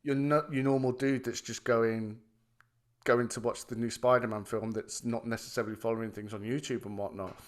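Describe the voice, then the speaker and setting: Chatty podcast co-host. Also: male voice, mid-range voice, normal speed. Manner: animated, swearing, enthusiastic storytelling. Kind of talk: casual chat.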